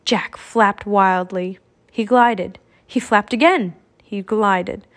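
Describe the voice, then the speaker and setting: A woman narrating a children's audiobook with clear, expressive storytelling. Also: mid-range voice, slow. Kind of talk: audiobook reading.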